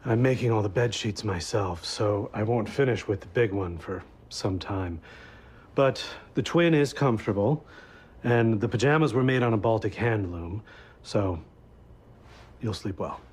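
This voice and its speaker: Strange, earnest male host, low voice, TV drama clip. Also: measured pace, a little mellow, slightly rough. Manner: earnest, oddly formal. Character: eccentric male host explaining odd child-rearing.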